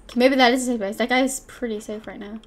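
A young woman chatters through live gameplay commentary, breaking into loud excited yelps and muttering to herself between rounds. Her voice sits a touch high, with a faint hiss of noise underneath. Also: quick pace. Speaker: gaming channel host.

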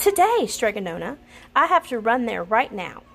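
A woman voicing a cheerful, slightly clumsy young man who speaks excitedly. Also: on the high side, moderate pace, gravelly, husky, soft background music, full character voice. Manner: excited, bursting with news.

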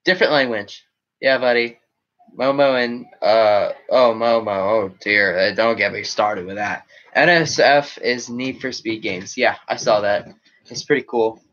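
A man's voice: lowish voice, steady tone, unhurried, a bit bright, dull audio. A man chatting casually on a live stream, rambling as he reacts to chat comments. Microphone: webcam setup.

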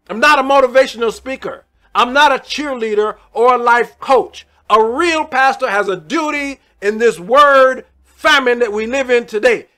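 A man preaching a sermon as pastor, swinging between loud outbursts and quiet asides, talking to the congregation in a plain, colloquial way. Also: very high voice. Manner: colloquial, addresses the congregation as y'all.

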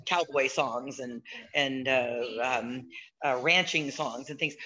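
A woman who teaches political science, speaking on a video call in a thoughtful, halting way with many fillers and restarts. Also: rumbling low, pushed and bright, highs cut off. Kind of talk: casual discussion.

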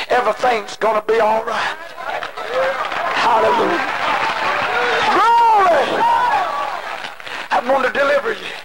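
A male preacher delivering an impassioned sermon, moving between shouted pleading and hushed personal storytelling. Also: very high-pitched. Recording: noisy old cassette tape.

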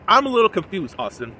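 A man casually reviewing a reality show episode, animated and quick to mimic the cast in exaggerated voices. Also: high-pitched, slightly rough. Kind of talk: casual reaction commentary.

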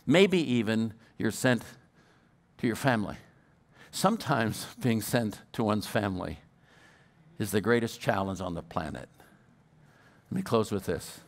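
A man's voice: on the low side, animated, unhurried, long pauses. Older man telling a sermon story. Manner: stutters, repeats words at times. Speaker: guest preacher.

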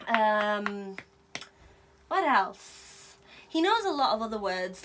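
A woman's voice: on the high side, expressive, a little slow, pauses often, fairly bright tone, a little hiss or hum. A young woman vlogger chatting playfully with her dog, slipping into baby talk and laughing often. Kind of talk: casual chat with her pet.

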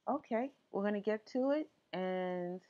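A woman's voice: medium pitch, a little slow. A woman hosting a tech tutorial, explaining features in a chatty, casual way with frequent asides. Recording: dull lo-fi audio.

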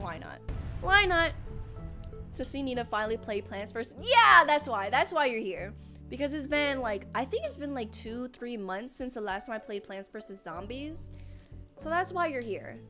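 A young woman streaming live gameplay, excitable and panicky, piling up "oh my gosh" and repeating herself as she reacts. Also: on the high side. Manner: excitable, panicky, talks fast with many "oh my gosh".

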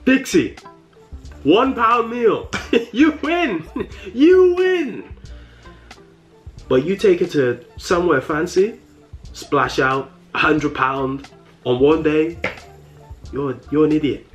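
A man's voice: fairly high pitch, slow, long pauses, faint music behind. A young man with a London accent rants to camera in mock fury, repeating himself, stammering and breaking into laughs. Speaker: comedy vlogger. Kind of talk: satirical rant to camera.

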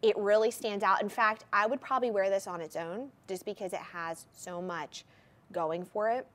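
A woman's voice: mid-range voice, normal speed, fairly bright tone. A woman hosting a live TV shopping show, presenting jewelry in an enthusiastic, gushing sales patter. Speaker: shopping channel host.

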